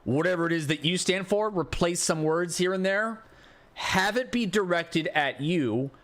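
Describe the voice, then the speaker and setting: A man's voice: high-pitched, unhurried, fairly bright tone. A man streaming live, ranting in frustration with rhetorical questions and swearing as he reacts to chat. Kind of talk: casual live-stream commentary.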